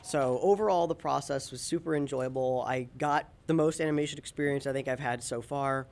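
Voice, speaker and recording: A man's voice: mid-range voice, brisk, creaky, darkish tone. A young man, a student animator, chatting casually on a panel about a class game project, easygoing with frequent ums. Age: young adult.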